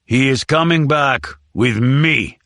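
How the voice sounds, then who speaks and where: A man's voice: medium pitch, takes it slowly, gravelly, fairly bright tone, no echo, studio quality. A man doing a strained, vengeful giant. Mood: grim resolve. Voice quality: strained and intense. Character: huge grieving vengeful man from a mountain village. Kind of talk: audiobook character voice.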